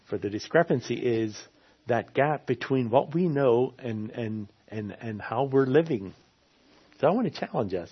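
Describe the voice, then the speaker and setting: A man's voice: mid-range voice, slightly rough. A man preaching a sermon in an earnest way, often repeating his key phrases for emphasis. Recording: slightly dull lo-fi sound.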